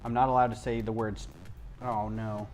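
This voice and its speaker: A man's voice: fairly low pitch, flat delivery, moderate pace, darkish tone, soft background music. Rambling man chatting on a livestream. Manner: rambling, drifts onto tangents and loses his thread; frequent ums and restarts. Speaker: livestream host. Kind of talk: casual chat while building. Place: at home.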